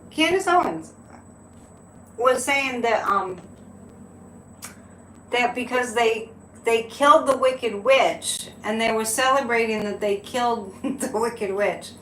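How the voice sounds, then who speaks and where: A woman's voice: fairly high pitch, slow, long pauses, fairly bright tone. A woman hosting a psychic live stream, talking casually with frequent laughs and incredulous asides. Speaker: psychic livestream host. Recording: echoey room with faint ambience.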